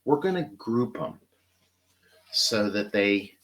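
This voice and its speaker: A man's voice: on the low side, expressive, slow pace, background noise. Chatty man demonstrating flower arranging. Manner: chatty, enthusiastic, talks while working with hands. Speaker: florist host.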